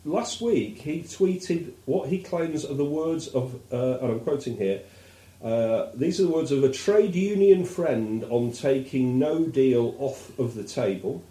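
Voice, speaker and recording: A man's voice: mid-range voice, lively intonation, measured pace, warm tone. Wry English man in an echoey room. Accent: posh English. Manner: rambling, wry, storytelling. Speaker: podcast co-host. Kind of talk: casual chat.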